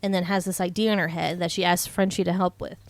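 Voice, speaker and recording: Fast and flat, with a lowish voice, a young podcast co-host casually recaps a movie, cursing often and saying "like" and "um" constantly. Her voice is captured close and dry, without any room sound.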